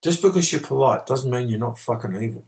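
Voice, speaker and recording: A man's voice: mid-range voice, expressive, quick pace, vocal fry, a little mellow, poor audio. A man talking with passion on a video call, swearing often and preaching his views. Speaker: channel host. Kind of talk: impassioned conversational rant.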